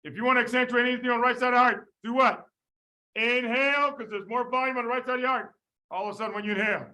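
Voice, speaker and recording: A man tutoring medical students in a lively class, quizzing them by name and repeating the key points. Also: very high-pitched, fast, poor audio. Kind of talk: lively classroom teaching with drills.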